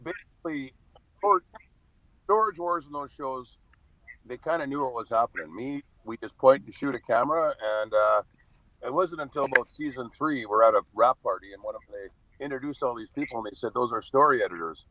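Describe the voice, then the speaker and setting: A man's voice: mid-range voice, a little fast, sharp tone, no room sound, rough recording. A middle-aged man tells stories as a podcast guest, blunt and profane, often laughing. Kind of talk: casual storytelling.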